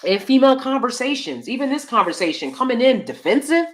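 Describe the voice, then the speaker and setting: Fiery animated American woman host. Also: high voice, a little fast, hardly any pauses. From United States. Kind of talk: livestream commentary reading super chats.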